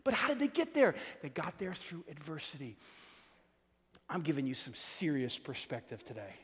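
A man preaching a sermon in a church, animated, repeating words and calling out to the congregation. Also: a little high, normal speed. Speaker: pastor. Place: church hall. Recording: long hall reverb.

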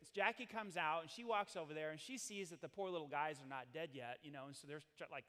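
A high, bright-voiced man in middle age tells animated family stories as a co-host. His talk rambles and restarts, and the sound carries a long hall echo. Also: fast talker. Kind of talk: casual storytelling talk.

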